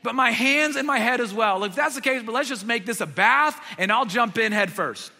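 A man's voice: sits high, expressive, fairly quick, sharp tone, exaggerated voice. A man voicing an impulsive, bewildered male disciple, speaking emphatically and exclaiming his lines. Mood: eager. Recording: long hall reverb.

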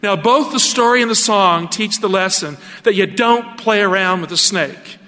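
Bright, high-voiced male preacher. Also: normal speed, big-room sound. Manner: animated and emphatic, asking rhetorical questions. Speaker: radio preacher. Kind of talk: sermon.

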